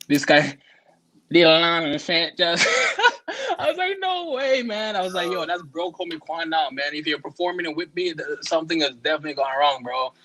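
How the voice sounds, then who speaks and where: A man's voice: on the high side, fairly bright tone. Man, easygoing podcast co-host who laughs through his stories. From Canada. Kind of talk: casual chat, storytelling.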